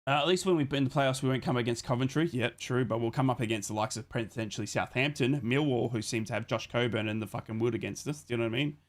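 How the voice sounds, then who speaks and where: An Australian man hosting a live football watch-along. He talks to his viewers in a chatty, excitable way, swears casually and calls the match as it happens. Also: medium pitch, fast, hardly any pauses. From Australia, born in Adelaide. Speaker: live stream host.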